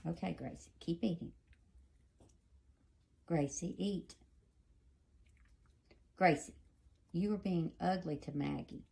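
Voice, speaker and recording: A woman's voice: lowish voice, slow pace, creaky, long pauses, mellow, husky. A woman filming at home with a phone camera, coaxing and scolding her dogs in pet-talk. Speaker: dog owner filming her pets. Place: home indoors.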